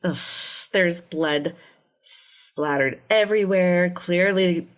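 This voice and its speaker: Woman, low register, podcast co-host; casual true-crime retelling, quotes people in little voices. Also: slow.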